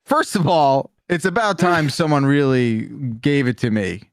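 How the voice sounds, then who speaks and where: A man with a slightly higher voice banters on a podcast, quick to jump in with jokes. He sits close to a dry studio mic. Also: expressive, dry recording. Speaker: podcast co-host.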